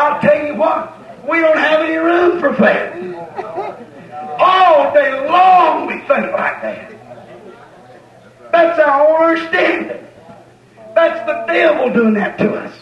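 A male preacher, delivering a folksy, rhythmic sermon with repeated phrases. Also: very high-pitched. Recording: echoey, dull sound from far off.

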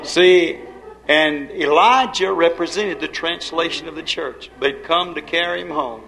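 A man's voice: a little high, measured pace, gravelly. A man preaching and praying at a live church service, urging the congregation in fervent call-and-response. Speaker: preacher leading worship. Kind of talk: revival sermon and prayer. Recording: echoey hall, loud music behind.

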